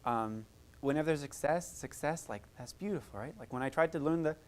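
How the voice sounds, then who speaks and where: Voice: medium pitch, brisk. A music therapist leading a live workshop, coaching participants through vocal exercises in an encouraging, chatty way with frequent asides.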